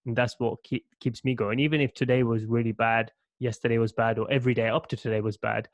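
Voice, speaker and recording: A man hosting a podcast in a reflective, conversational tone. He stops and restarts his sentences as he thinks aloud. His voice sits at an ordinary pitch and the recording is dry, with no room sound. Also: little pitch movement, dry recording, dull audio. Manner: reflective, halting, with false starts. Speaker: podcast host. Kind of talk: conversational interview.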